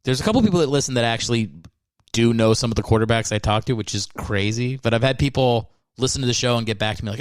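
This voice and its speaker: A podcast host rambles through a casual monologue, poking fun at himself. His medium-pitched voice is clear and resonant, he talks fast, and there's no echo.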